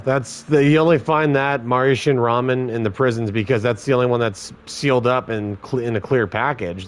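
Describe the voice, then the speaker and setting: A former corrections officer telling blunt, heavily profane stories in casual podcast chat. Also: male voice, medium pitch.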